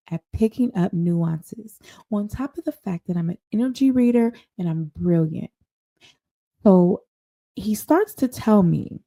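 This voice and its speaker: Sassy woman host, slow talker, warm mellow voice, emphatic. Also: mid-range voice. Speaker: podcast host. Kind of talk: storytelling monologue.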